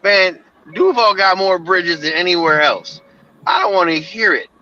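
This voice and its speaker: A man's voice: sits high, lively intonation, moderate pace, lo-fi sound, a crowd in the background. A man from Florida, a tow truck driver, telling stories over the phone in casual profane talk with stammering restarts. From Florida, USA. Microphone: phone while driving.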